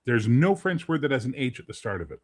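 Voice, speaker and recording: A man's voice: mid-range voice, fast talker. A man co-hosting a casual chat, emphatic and profane, telling stories with energy. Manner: emphatic, profane, lively storyteller. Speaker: podcast co-host.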